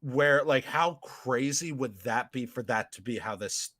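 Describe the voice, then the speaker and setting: A man hosting a casual podcast chat, excitable and quick to laugh. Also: medium pitch, no room sound. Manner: excitable, laughs often, shouts quoted lines. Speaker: podcast host.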